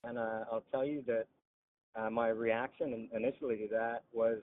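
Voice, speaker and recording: A man's voice: medium pitch, flat delivery, normal speed, phone-quality sound. A man telling his own story in an interview, frankly and plainly, with frequent "uh" and "you know". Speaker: interviewee, veteran and dog trainer. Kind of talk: candid personal storytelling.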